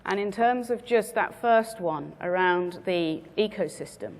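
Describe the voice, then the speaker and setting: A woman speaker giving a measured business presentation to a conference audience, stressing her key words. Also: medium pitch, in a large hall. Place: conference venue.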